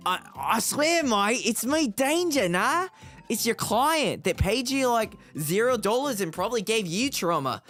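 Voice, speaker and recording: A man's voice: very high voice, very animated, unhurried, fairly bright tone, voice pushed up, exaggerated voice. A man putting on a put-on Australian accent to play a brash young bloke persona, slangy with an exaggerated twang. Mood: cheeky.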